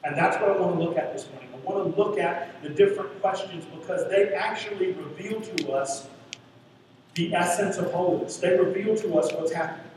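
High-voiced preacher in an echoey hall. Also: male voice, a little fast. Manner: earnest, questioning, repeats for emphasis. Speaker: pastor. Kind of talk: sermon. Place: church sanctuary. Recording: echoey hall from far off, faint hiss.

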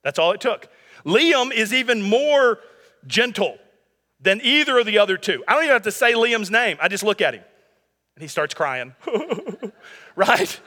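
A man in his thirties preaches in an easy, conversational way, with humor and asides to his listeners. His voice sits high and sounds bright and forward. A long hall reverb trails after his words. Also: lively intonation, normal speed. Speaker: pastor. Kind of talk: sermon.

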